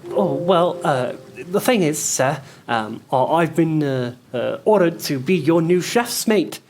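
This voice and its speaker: A man's voice: fairly high pitch, animated, takes it slowly, a little mellow, pitched above the performer's own voice, full character voice. A man doing a stammering small pirate recruit. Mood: nervous. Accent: Australian. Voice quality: stammering, hesitant. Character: nervous small young male pirate recruit.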